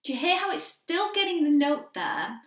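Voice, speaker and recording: Young lady vocal coach, high bright voice, chatty and encouraging, echoey room. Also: very animated, moderate pace. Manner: chatty, encouraging, demonstrates by singing. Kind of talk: quick singing lesson with sung demonstrations.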